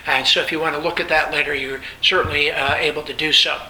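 A man's voice: fairly high pitch, little pitch movement, quick pace, sharp tone, reverberant, a little hiss or hum, low-quality recording. A man teaching a Bible lecture, explaining with repeated emphasis and frequent fillers.

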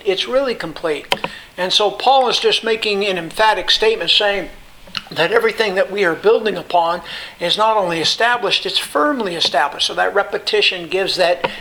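A man preaching a Bible teaching sermon, explaining terms in an unhurried way with many pauses and emphatic repetition. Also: high voice, sharp tone, low-quality recording.

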